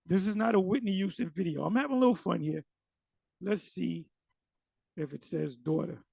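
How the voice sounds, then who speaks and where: A man's voice: high-pitched, animated, normal speed, vocal fry, darkish tone, breathy edge, no room sound. A man teaching scripture in a casual, conversational way, challenging his listeners directly. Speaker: Bible teacher.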